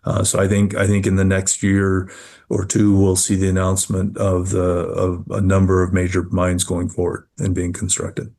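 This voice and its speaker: Man, mining CEO type, deep and even-toned, halting, repeats himself. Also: creaky. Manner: measured, repeats words while thinking. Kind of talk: business interview answers.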